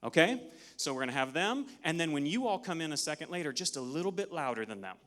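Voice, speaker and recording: A man giving an energetic, interactive talk at a conference, leading the audience through counts, a little out of breath. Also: a little high, fast. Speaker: conference speaker. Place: large conference hall. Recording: long hall reverb.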